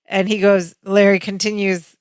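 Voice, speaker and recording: A woman at a middle pitch walks through a sitcom scene with her co-host, reading out the dialogue and cutting in quickly with comments. Her voice is recorded dry and close. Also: little pitch movement, clear, resonant tone, no echo. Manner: reads out quoted dialogue, chimes in quickly. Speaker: podcast co-host. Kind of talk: casual chat recapping a sitcom episode.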